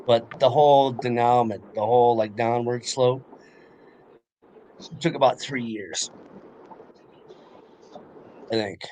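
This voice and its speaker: A man's voice: medium pitch, a little mellow, a little hiss or hum. A young man rambling through a personal story in a casual chat, with lots of fillers and swearing. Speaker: podcast co-host.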